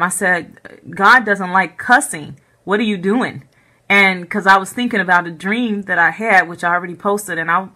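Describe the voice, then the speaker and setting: A woman recounting a dream in a casual, animated way, with many fillers and repeats. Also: medium pitch.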